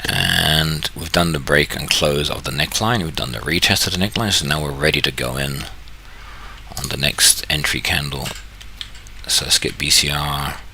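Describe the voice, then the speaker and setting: A man's voice: extremely low pitch, normal speed, creaky, pushed and bright, slight background noise. A man from New Zealand casually walking through his screen, thinking aloud, correcting himself and joking as he goes. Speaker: trading channel host. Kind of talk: casual screen-share walkthrough.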